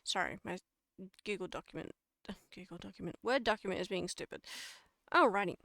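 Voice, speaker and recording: An Australian woman streamer giving a casual lecture to her chat, chatty and quick to laugh at and correct her own slips. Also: medium pitch, lively intonation, creaky, fairly bright tone, no room sound, clean studio sound.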